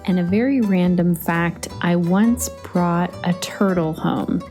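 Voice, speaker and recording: Woman, podcast host, middle-aged, chatty storyteller, warm lower voice. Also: slow pace, soft background music. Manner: chatty, storytelling, laughs easily. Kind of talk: solo podcast monologue.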